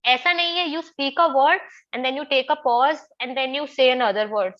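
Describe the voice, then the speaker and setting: A woman's voice: high voice, fairly quick, highs cut off. A woman with an Indian English accent teaching a public speaking class online, often asking the students questions and repeating her points. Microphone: video call.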